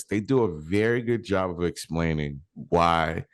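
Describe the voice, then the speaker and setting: Low-voiced podcast co-host with a lively, swinging delivery; loose and profane. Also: male voice, normal speed, few pauses. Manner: animated, swearing, mock New York voices. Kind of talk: casual movie chat.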